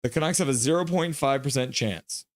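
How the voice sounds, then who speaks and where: A young man runs a live hockey reaction stream, excitable and joking as he reads his chat. His voice sits at an ordinary pitch and is recorded dry and close on a desk mic. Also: fairly quick, no room sound.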